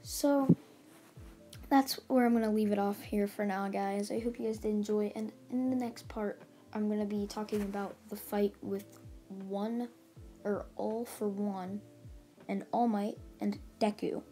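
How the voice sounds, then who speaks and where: A woman's voice: medium pitch, steady tone, a little slow, warm tone. A woman casually retelling a story as a channel host, stringing events together with "and then he's like.". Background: faint background music.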